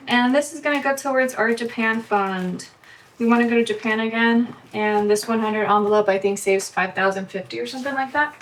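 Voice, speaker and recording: A young woman vlogging casually as she counts bills aloud, chatty and quick to correct herself. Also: a little high. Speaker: budgeting vlogger. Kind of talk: casual talk while cash stuffing. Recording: voice from a distance, faint background noise.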